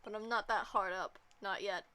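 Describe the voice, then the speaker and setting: A woman's voice: mid-range voice, moderate pace, sharp tone, lightly acted. A woman doing a posh British prosecutor. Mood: guarded. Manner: curt, clipped and condescending. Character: cool arrogant young male prosecutor.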